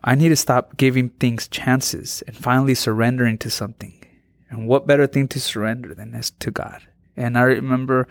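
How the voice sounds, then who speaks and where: A man's voice: medium pitch, no room sound, clean studio sound. Earnest man sharing his testimony. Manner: earnest, halting, with frequent restarts. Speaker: interview guest. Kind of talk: personal testimony.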